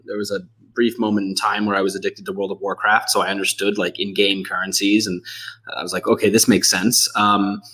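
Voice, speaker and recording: A man guesting on a podcast, relaxed and chatty as he tells his story. His voice sits on the low side. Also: a little fast. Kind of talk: casual interview conversation.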